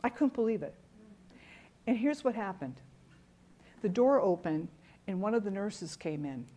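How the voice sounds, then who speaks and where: A woman's voice: medium pitch, expressive, measured pace, dark tone, muffled recording. Middle-aged lady teaching bible class, earnest, tells stories, repeats words for emphasis. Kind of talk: church teaching talk.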